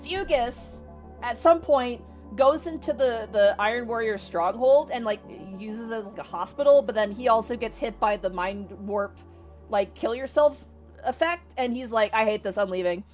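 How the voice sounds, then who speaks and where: Young woman streamer, excitable, casual and profane, pitch a touch high. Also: normal speed, soft background music. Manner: animated, swears, talks to chat. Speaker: VTuber streamer. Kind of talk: casual livestream book recap.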